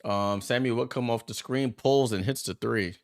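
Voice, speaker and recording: A man hosting a watchalong, giving chatty, excitable play-by-play as he reacts aloud to the game. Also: mid-range voice, normal speed. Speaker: watchalong host. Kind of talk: casual live play-by-play commentary.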